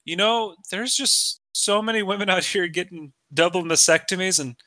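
A man's voice: high voice, normal speed, sharp tone, no room sound, pitched above the performer's own voice. A man mimicking an earnest, lecturing pundit. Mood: grave. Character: tearful, grave older male pundit.

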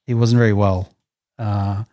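A man's voice: lowish voice, little pitch movement, unhurried, mellow, slight background noise. A man co-hosting a casual podcast chat, dry-humoured and hesitant, with frequent fillers. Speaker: podcast co-host.

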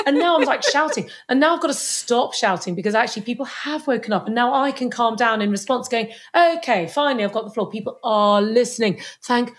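Woman guesting on a podcast, lively, does little voices for people. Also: fairly high pitch, brisk, hardly any pauses. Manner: animated, acts out little scenes with voices. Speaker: podcast guest, Chinese medicine practitioner. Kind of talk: podcast interview.

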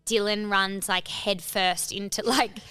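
Bright, clear-voiced woman. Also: mid-range voice, fairly even intonation, a little slow. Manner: rambling, heavy use of "like", swearing. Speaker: podcast co-host. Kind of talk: casual storytelling chat.

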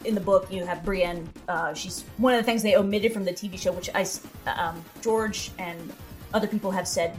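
A woman's voice: mid-range voice, normal speed, faint music behind. A woman co-hosting a casual podcast, talking animatedly with lots of fillers, restarts and laughter. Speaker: podcast co-host. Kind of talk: casual chat.

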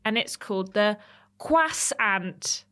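A woman's voice: mid-range voice, normal speed. Playful woman co-hosting a podcast. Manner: playful, deadpan joking. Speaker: podcast co-host. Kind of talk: casual chat.

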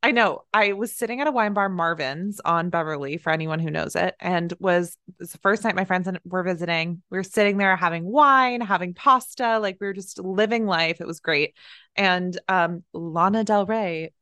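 A woman's voice: lowish voice, moderate pace, sharp tone, no echo, studio quality. A woman in her twenties co-hosting a podcast, chatting casually and telling stories with frequent laughs. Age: 20s. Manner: chatty, giggly storyteller. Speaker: podcast co-host. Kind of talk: casual chat.

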